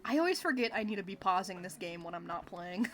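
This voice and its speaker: A woman livestreaming a video game, chatting casually with her viewers in a giggly, expressive, playfully complaining way. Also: mid-range voice, fast talker. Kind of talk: casual gameplay chat with viewers. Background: faint game music.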